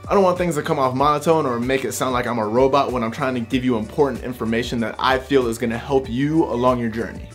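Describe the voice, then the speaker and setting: A man at a mid-range pitch talks straight to the viewer in a casual tutorial. His delivery is direct and conversational, and soft music plays faintly underneath. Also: fairly even intonation, fast talker, few pauses. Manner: direct, conversational, speaks off bullet points. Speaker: YouTube creator giving tips. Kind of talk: casual talking-head tutorial.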